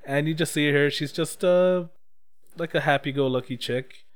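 A young man in casual chat recapping an episode, excitable and swearing freely. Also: fairly high pitch, normal speed, clear, resonant tone.

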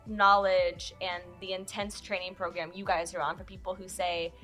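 A woman's voice: on the low side, level tone, normal speed, a bit bright, faint music behind. A woman hosting a casual podcast, asking coaches questions. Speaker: podcast host. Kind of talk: casual interview chat.

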